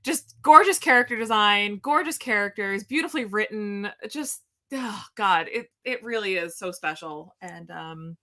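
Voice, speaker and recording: A woman co-hosting a podcast in casual chat, excitable and gushing, rambling with lots of fillers. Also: medium pitch, moderate pace. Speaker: podcast co-host.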